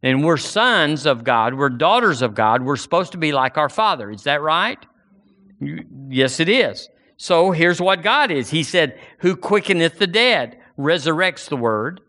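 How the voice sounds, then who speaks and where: A man's voice: a little high, expressive, unhurried, sharp tone. A man preaching a sermon with passion, rising into fervent outbursts.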